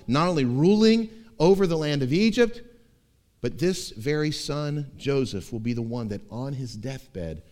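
A pastor delivering a sermon in a lively, rising and falling voice. He stresses key words by repeating them and drops to a hush at tender moments. His delivery stays emphatic and earnest throughout. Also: mid-range voice. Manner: emphatic, repeats key words, swings between loud and hushed. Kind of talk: expository sermon.

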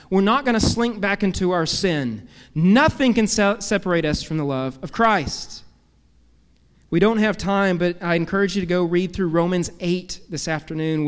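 A man's voice: high voice, big-room sound. A man preaching an earnest, emphatic sermon as pastor, asking rhetorical questions. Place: church sanctuary.

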